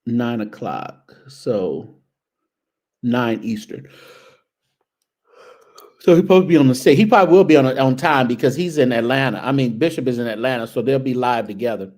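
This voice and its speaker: A man's voice: mid-range voice, expressive, normal speed, long pauses, darkish tone. A male show host giving casual, teasing commentary on outfits, sprinkling in churchy phrases. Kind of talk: casual fashion commentary on a video.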